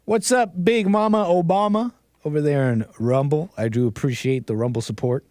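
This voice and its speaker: A man's voice: fairly high pitch, moderate pace, warm tone, no room sound, clean studio sound. A man hosting a livestream, ranting and joking in casual commentary, laughing often. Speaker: streamer host.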